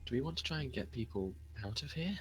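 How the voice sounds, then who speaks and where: A man playing a tabletop game, speaking quietly and hesitantly, with frequent stammers. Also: medium pitch, animated, quick pace, faint music behind. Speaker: player. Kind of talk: casual game chat.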